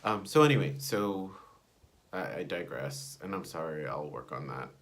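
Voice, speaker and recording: Young male vlogger, low register, digressive, filler-heavy storytelling. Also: animated, moderate pace. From United States. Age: young adult. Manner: rambling, digressive, with many fillers. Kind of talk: personal storytelling to camera.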